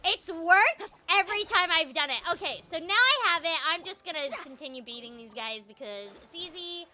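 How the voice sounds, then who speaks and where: A woman's voice: very high voice, animated, moderate pace, pushed and bright. A young woman, a voice actor, giving casual, bubbly gameplay commentary, giggling often and filling her talk with "like". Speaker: voice actor streaming a game.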